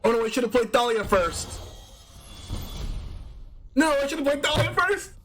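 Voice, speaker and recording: A man giving excited gameplay commentary on a card game he streams, yelping and laughing as he talks to himself. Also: very high voice, moderate pace.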